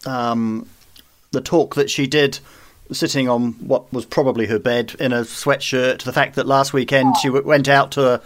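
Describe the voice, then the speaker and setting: A man's voice: medium pitch, fairly even intonation, moderate pace. A man from New Zealand chatting with a teasing edge, as host. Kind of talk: casual chat.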